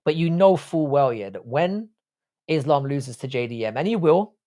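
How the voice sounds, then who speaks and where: Blunt, swearing Irish-born livestream host. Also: male voice, on the high side, lively intonation, normal speed, dark tone. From Ireland. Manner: blunt, profane, chatty. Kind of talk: casual live chat reading comments.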